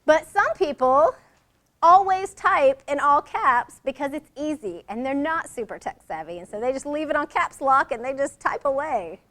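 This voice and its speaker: A middle-aged woman leads a workshop in a conversational presentation. Her voice sits high, and she acts out short example lines in different tones to make a point. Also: expressive, moderate pace, fairly bright tone. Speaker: workshop leader.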